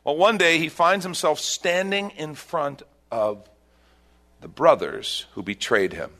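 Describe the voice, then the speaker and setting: A male pastor preaching a sermon, telling a scripture story with loud bursts and hushed asides. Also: on the high side, a little slow. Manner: animated storytelling, swings between loud bursts and hushed lines.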